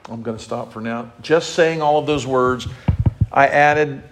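A male pastor preaching in a voice of ordinary pitch. He reads scripture slowly and leads call-and-response with his listeners. His delivery carries emotion throughout. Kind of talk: sermon.

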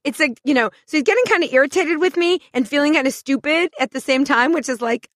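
A woman co-hosting a podcast, telling a story in a sarcastic, animated way and acting out what people said. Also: high voice, fast, no echo, clean studio sound. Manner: animated, sarcastic, acts out quotes loudly. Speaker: podcast co-host. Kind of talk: comedic storytelling chat.

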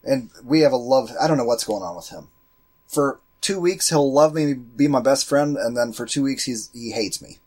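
A man co-hosting a casual movie commentary podcast, rambling and swearing as he tells animated stories. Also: mid-range voice, moderate pace. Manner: profane, rambling, animated storytelling. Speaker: podcast co-host.

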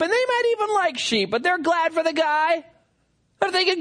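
Working through a passage for his congregation, a preacher delivers his sermon in a rather high voice at a normal speed. His animated style swings up and down as he performs the words of the people he describes.

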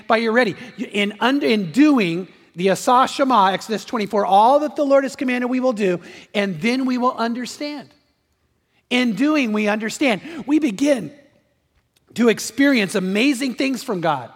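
A high-pitched pastor preaches an earnest, repetitive sermon at a moderate pace, animated and frequently putting questions to the congregation. His voice rings through a large church hall with a long reverberant tail.

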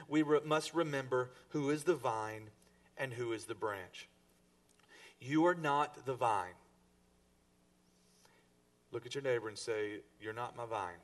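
A man's voice: medium pitch, unhurried, pauses often. Man preaching a sermon, from a distance. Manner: preaching to a congregation, with emphatic rises and soft drops. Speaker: pastor.

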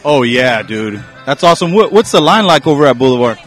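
Dude with handheld mic at a beer fest, bit winded, faint band playing. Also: male voice, medium pitch, big pitch swings, a little fast, a bit bright, soft background music. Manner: loose, profane, chatty. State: a little out of breath. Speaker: podcast host. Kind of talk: casual chat at a beer festival. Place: outdoor festival crowd.

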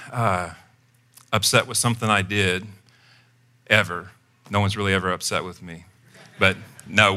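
A man preaching a sermon as pastor, telling a personal story in a conversational way and acting out his own lines. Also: lowish voice. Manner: conversational storytelling, animated when quoting himself.

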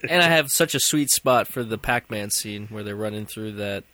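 A man's voice: fairly low pitch, animated, normal speed, bright, forceful tone, dry recording. A young man co-hosting a podcast, chatting loosely and laughing as he talks. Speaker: podcast co-host. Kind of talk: casual banter.

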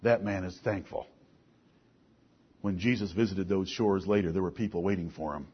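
A man preaching a sermon, firing off rhetorical questions and swinging between soft, low passages and loud, raised ones. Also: steady tone, normal speed, slightly rough, highs cut off.

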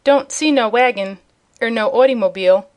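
Woman doing a jolly old sailor man, kindly, folksy dialect, audiobook character, highish voice. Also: moderate pace, close to an everyday voice. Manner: rustic dialect with dropped letters.

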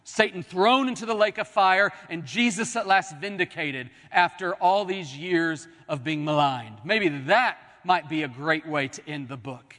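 High-voiced preacher in a reverberant hall. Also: male voice, a little slow, hardly any pauses, sharp tone. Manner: dramatic preaching, swelling and dropping to near-whispers. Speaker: pastor. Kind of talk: sermon.

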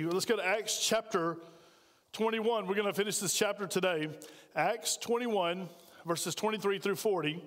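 A man's voice: high voice, in a large hall. A man preaching a sermon as pastor, speaking conversationally and putting questions to the congregation. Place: church sanctuary.

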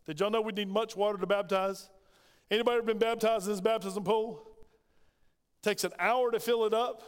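High-voiced preacher in a reverberant church. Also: male voice, fairly even intonation, a little fast, clear, resonant tone. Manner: preaching with rhetorical questions, quoting scripture in acted voices. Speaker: pastor. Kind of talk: sermon. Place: church sanctuary. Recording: long hall reverb.

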